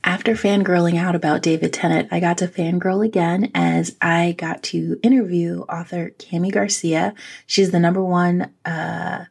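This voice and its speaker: A woman's voice: fairly low pitch, steady tone, normal speed, creaky, a little mellow, breathy edge. A woman hosting a podcast, narrating casually and chattily, with lots of ums and self-deprecating asides. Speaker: podcast host.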